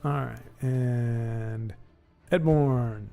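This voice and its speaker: A man hosting a livestream, giving rambling, casual commentary on a card game, with sudden excitable outbursts. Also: medium pitch, very slow, creaky, soft background music. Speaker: livestream host.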